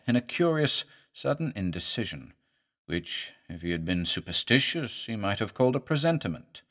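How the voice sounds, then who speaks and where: Low-voiced man narrating horror.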